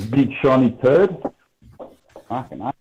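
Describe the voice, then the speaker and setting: A man's voice: mid-range voice, sing-song, takes it slowly, a little mellow, slight background noise. Crude joking Australian man on a call. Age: 40s. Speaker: video call guest. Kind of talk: casual banter on a video call. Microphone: video call. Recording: dull lo-fi call audio.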